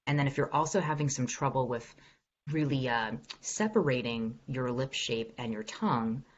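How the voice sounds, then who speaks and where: Speaking at normal speed with an extremely low pitch, a woman voice coach leads an online workshop over a video call, where the high frequencies are cut off. She's an executive voice coach who answers questions cheerfully and encouragingly as she shows exercises.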